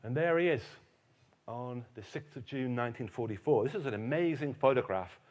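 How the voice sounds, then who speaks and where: A man from Britain giving a keynote history lecture, telling anecdotes in a lively, animated way. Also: mid-range voice, a little fast.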